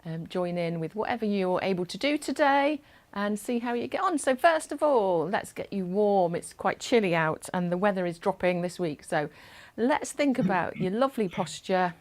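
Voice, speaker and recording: A woman instructor leading a gentle chair exercise class over a video call, encouraging and instructive. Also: medium pitch, expressive, moderate pace, few pauses.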